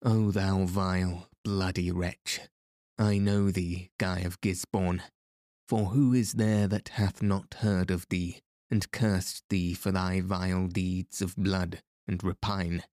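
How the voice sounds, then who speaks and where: A man's voice: deep voice, level tone, slow, a little mellow, no room sound, studio quality. Man doing a defiant grieving outlaw. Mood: defiant grief. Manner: defiant and mournful.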